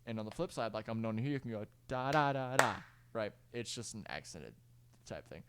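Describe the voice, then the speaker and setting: Very noisy audio carries a fairly low, sing-song voice moving a little fast. The speaker, a young music producer on a clip-on mic, gives a casual screen-recorded walkthrough of his project, rambling, correcting himself, using fillers and sometimes singing out the beat.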